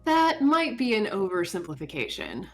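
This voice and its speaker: A woman voicing a sardonic young female barista, reading game dialogue aloud in a dry, deadpan way. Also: medium pitch, normal speed, soft background music.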